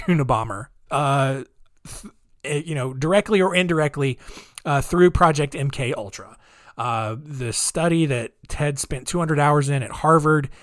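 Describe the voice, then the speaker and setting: A man's voice: fairly high pitch, fairly bright tone, no room sound, clean studio sound. A man hosting a casual solo podcast, talking in a rambling, chatty way with lots of fillers and restarts. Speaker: podcast host.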